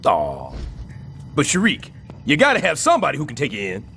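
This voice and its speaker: Blustery scheming cartoon super guy, lively all over the place, cracking jokes loud. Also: fairly quick, gravelly, a little hiss or hum, full character voice. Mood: blustering. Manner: loud, wisecracking, swings wildly in pitch. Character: blustery scheming middle-aged male building super. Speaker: building superintendent. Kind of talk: animated sitcom voice acting.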